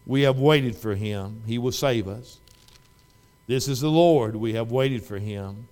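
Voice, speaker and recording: A middle-aged man preaching a sermon in a church, folksy, swinging from loud fervent exhortation to quiet storytelling. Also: mid-range voice, measured pace. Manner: folksy, repeats and restarts phrases.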